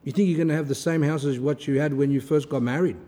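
A man's voice: a little high, steady tone, quick pace, warm tone, in a large hall. A man giving an informal religious talk in a conversational way, repeating key words for emphasis and telling everyday stories.

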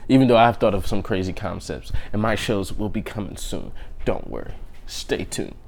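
A man's voice: fairly low pitch, lively intonation, normal speed, creaky, a little mellow, slight background noise. A man hosting his own podcast alone, chatting casually and rambling from joke to joke, often laughing at his own lines. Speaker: podcast host. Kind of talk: casual solo podcast chat.

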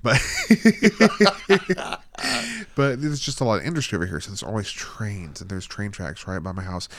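A man's voice: lowish voice, lively intonation, fast, fairly bright tone. A young man, a podcast co-host, telling a rambling story with lots of swearing and laughter. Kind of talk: casual chat.

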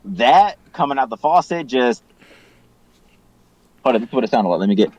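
A man's voice: medium pitch, moderate pace, no room sound, muffled recording. A young man co-hosting a podcast, bantering casually in slang with the odd formal phrase dropped in. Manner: relaxed slang banter, now and then oddly formal wording. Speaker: podcast co-host. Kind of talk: casual chat.

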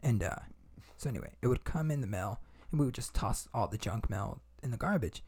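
Young man, podcast host, gravelly, husky, lively pitch, rambling with fillers, casual storytelling. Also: a little fast. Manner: rambling, many fillers and restarts, swearing.

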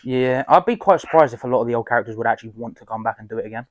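Fast-talking young man. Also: mid-range voice, a little hiss or hum. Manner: brash, slangy banter. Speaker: podcast co-host. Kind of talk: casual chat.

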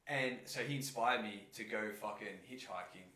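Young dude rambling through a sweary travel yarn, bright punchy voice, echoey room a bit off the mic. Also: male voice, fairly low pitch, moderate pace, distant mic. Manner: animated storytelling, swearing slang, acts out voices. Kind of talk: casual podcast chat.

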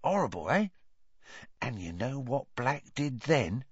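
Guy putting on a high loud lad, chatty and excitable, dry dull sound. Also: normal speed, no room sound, heavily acted. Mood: gossipy. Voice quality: loud, excitable, dropped grammar. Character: brash chatty young London bus conductor, excitable. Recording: dull lo-fi audiobook.

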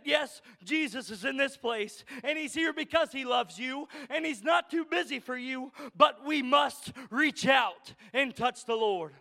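A man preaching in a church sanctuary, his voice very high and bright with a gravelly edge. He builds phrase by phrase into shouted emphasis, repeating his lines in a steady cadence, and now and then gets choked up. The sound rings with long reverb from the hall. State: choked up with emotion at times. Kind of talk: sermon.

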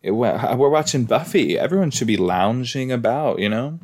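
A man's voice: mid-range voice, expressive, normal speed, hardly any pauses, a little mellow, dry recording, clean studio sound. A man hosting a casual watch-along podcast, chatting in a rambling way and talking to his listeners. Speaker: podcast host.

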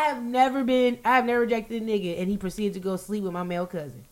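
A woman in casual conversation, telling a wild story in an animated, profane way. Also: medium pitch, fast talker, hardly any pauses. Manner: animated, profane, acts out quotes loudly.

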